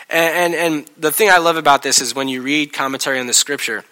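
Male pastor, chatty and animated sermon, bright voice pitched a touch high. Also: fast, hardly any pauses. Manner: animated, acts out scenes with shifting voices; casual, chatty delivery with laughs.

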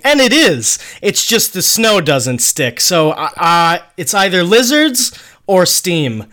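A man's voice: high-pitched, sing-song, a little slow, pushed and bright. A young man co-hosting a casual podcast, joking and laughing often. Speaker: podcast co-host. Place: Queens, New York.

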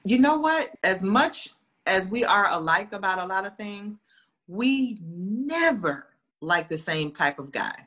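Casually storytelling, a woman relates funny anecdotes a little slowly in a medium-pitched voice. She stays lively and animated, performing the voices she quotes.

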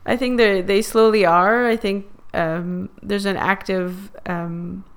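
A woman who is a podcast guest, talking in casual chat, thoughtful and pausing with fillers. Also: medium pitch, fairly even intonation, smooth.

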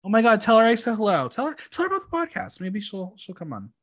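A man's voice: high voice, huge pitch swings, quick pace. Chatty campy man recapping a show. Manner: chatty and campy, with frequent ums. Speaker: podcast host recapping a reality show. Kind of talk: casual chat.

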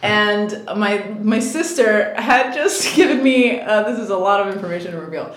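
A woman's voice: medium pitch, moderate pace. Chatty woman in an echoey room. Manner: chatty, laughing, many fillers like "like". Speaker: actress guest. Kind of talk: casual interview storytelling.

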